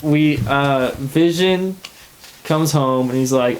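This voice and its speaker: A man's voice: mid-range voice, fairly even intonation, measured pace, a little mellow, a little hiss or hum, rough recording. A man co-hosting a casual podcast chat, animatedly retelling scenes and acting out the characters' lines. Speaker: podcast co-host.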